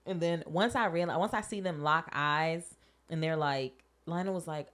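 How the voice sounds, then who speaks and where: A young adult woman co-hosting a podcast, chatting casually and telling stories with animated quoted voices. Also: deep voice, normal speed. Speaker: podcast co-host. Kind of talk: casual chat.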